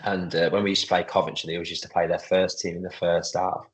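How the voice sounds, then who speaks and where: A man in his thirties, a footballer and club captain, chatting casually in a podcast interview, relaxed, with lots of fillers. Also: deep voice, quick pace, husky, low-quality recording. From England.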